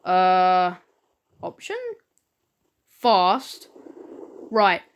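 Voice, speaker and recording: A woman's voice: lowish voice, drawn-out words, smooth. A woman hosting a let's play, casually reading a text game aloud with chatty asides and feeling in the dialogue, her throat sore.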